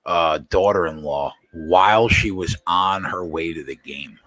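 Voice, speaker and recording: A man's voice: low voice, measured pace, fairly bright tone, no room sound. A man hosting a casual sports betting chat, blunt and swearing casually. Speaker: show host.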